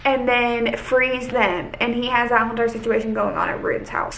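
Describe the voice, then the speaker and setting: Excitable young woman rambling in an echoey room. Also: on the high side, brisk, creaky, few pauses. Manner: excitable, rambling, heavy use of "like". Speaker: book vlogger. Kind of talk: casual reading vlog chat. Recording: echoey room with faint noise.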